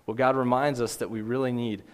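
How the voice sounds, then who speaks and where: A man in his twenties or thirties preaching a sermon as a pastor, earnest and gentle, with emphatic rises. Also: medium pitch, fairly even intonation, fairly quick, clean tone. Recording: long hall reverb.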